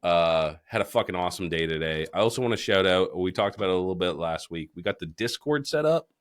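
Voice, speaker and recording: A man's voice: low-pitched, lively intonation, quick pace, smooth. A man hosting a casual podcast, joking and swearing freely while drinking beers. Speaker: podcast host. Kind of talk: casual chat.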